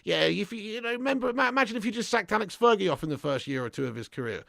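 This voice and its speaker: A man's voice: high-pitched, lively intonation, racing, gravelly, no echo, clean studio sound. A man hosting a football fan live stream, chatting casually and reading out viewer comments with blunt, upbeat banter. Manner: blunt banter, loud and upbeat when hyping. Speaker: football fan channel host.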